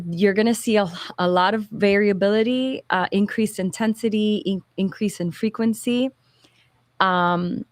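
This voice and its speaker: A woman who founded a therapy clinic, explaining in an animated way and acting out parents and children in little quotes. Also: on the low side, dry recording. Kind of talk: explanatory talk-show chat.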